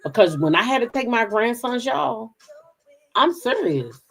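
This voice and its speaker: Lively, frank middle-aged woman chatting. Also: on the high side, measured pace, creaky, slightly rough. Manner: chatty, frank, swears freely, talks straight to viewers. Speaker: gossip channel host. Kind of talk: casual live-stream chat, reading viewer comments.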